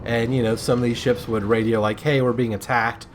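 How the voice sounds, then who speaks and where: A man's voice: mid-range voice, little pitch movement, brisk, noisy background. A young man casually commentating a game replay, rambling and joking with goofy asides. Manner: rambling, jokey, goofy mock French asides. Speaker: gameplay commentator.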